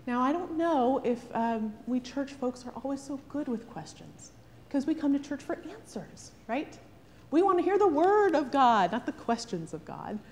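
A woman pastor preaches in a high-pitched voice at normal speed, with a long reverb tail and a little hiss or hum. She's animated and rhetorical, asking questions and often tacking on "right?"

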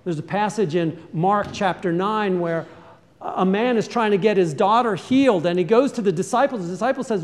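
A man with a high voice preaches a sermon, asking his listeners questions and then pressing them with short, urgent commands. His words ring out with a long reverb inside a church. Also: fairly quick, darkish tone. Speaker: pastor.

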